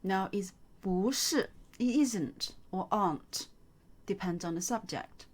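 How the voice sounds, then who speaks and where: Woman tutor, talks real slow, says everything twice, patient. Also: mid-range voice, lively intonation. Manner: slow, patient, repeats each phrase. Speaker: Chinese tutor. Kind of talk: slow, clear language lesson.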